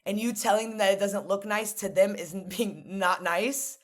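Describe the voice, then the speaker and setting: A New York woman, a podcast guest, tells stories in casual conversation with a medium-pitched voice at a moderate pace. She's animated, blunt and frank.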